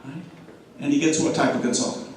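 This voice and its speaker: A man giving an animated sales talk to an audience, throwing questions at the room and acting out quotes. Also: fairly high pitch, fairly quick, slight background noise. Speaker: speaker at a club meeting. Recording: echoey room, mic from a distance.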